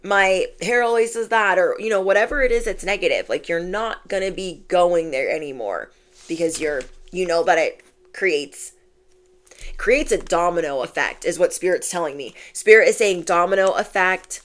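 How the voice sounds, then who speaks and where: Woman doing a chill spiritual reading, kinda low voice, lots of "like", super affirming. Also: animated, normal speed. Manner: chatty and affirming, heavy use of "like". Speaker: intuitive card reader. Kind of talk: casual spiritual reading to camera.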